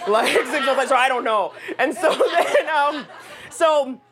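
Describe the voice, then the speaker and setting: Brief: woman, higher-pitched, comic storyteller, swears and laughs through it. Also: unhurried, a crowd in the background. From United States. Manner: profane, laughing, animated. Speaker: guest storyteller. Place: radio studio.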